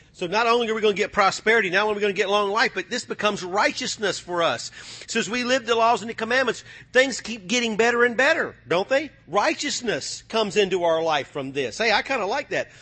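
A male pastor preaching a sermon with call-and-response, folksy speech, swinging from soft to loud. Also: high-pitched. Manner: folksy, drawls phrases like y'all and ain't.

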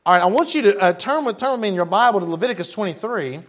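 A man's voice: sits high, expressive, very fast, a bit bright. A man preaching a sermon, reading scripture aloud and breaking off for chatty, conversational asides to his congregation.

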